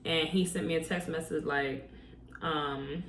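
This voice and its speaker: A low-pitched, fairly bright female voice with fairly even intonation delivers a motivational story-time vlog at an unhurried pace. She chats to camera and fires off rhetorical questions at her viewers. Expect roomy echo, distance from the mic, faint ambience, and slight background noise.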